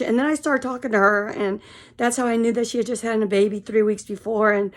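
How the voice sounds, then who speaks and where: A tired woman in her fifties telling a frank, rambling story straight to camera. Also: fairly high pitch. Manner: frank and rambling, full of fillers. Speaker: vlogger. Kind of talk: casual storytelling monologue.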